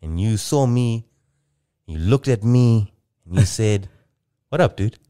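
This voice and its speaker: Lively low-voiced comedian telling stories. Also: male voice, slow pace. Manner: animated storytelling, acts out quotes. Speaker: podcast host. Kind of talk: casual chat.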